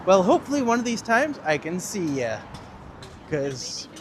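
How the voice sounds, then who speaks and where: Tour-guide streamer, male, slightly high voice, casual and jokey, walking city streets with faint background noise. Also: very animated, moderate pace. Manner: chatty and jokey, answering live chat while walking. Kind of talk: live walking-tour stream, chatting with viewers.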